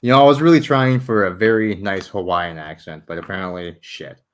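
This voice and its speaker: Low-voiced joking man streaming late. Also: fairly quick, a little hiss or hum. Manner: joking, self-mocking, swears freely, laughs often. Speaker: livestreamer building a model ship. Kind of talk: casual late-night chat with viewers.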